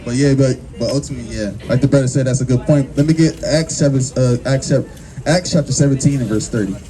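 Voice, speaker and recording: A male street preacher delivers his message in a forceful, confrontational way, repeating words and filling gaps with fillers. A crowd is clearly audible around him. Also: medium pitch, quick pace. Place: outdoors on a busy street. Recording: busy street crowd noise.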